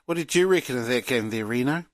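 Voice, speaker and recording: A man's voice: mid-range voice, expressive, fast, background noise. A man hosting a casual sports chat, with easygoing, sing-song introductions. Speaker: host.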